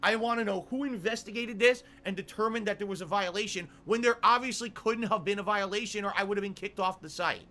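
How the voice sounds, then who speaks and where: Pissed off streamer guy ranting and cussing, kinda high bright voice. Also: fast, hardly any pauses. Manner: indignant, swearing, repeating demands. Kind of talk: angry rant to camera.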